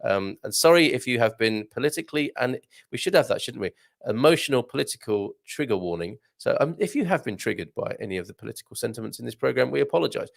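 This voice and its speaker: A man's voice: medium pitch, lively intonation, quick pace, vocal fry. A middle-aged Englishman, hosting a live morning show, chatting jokily and reading out viewer comments. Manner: jokey, rambling, self-deprecating.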